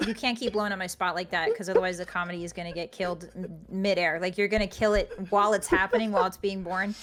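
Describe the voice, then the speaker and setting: A woman's voice: medium pitch, fairly even intonation, fairly bright tone. Goofy woman joking on a livestream. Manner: goofy, joking, quick with bits. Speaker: author guest. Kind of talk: casual livestream interview.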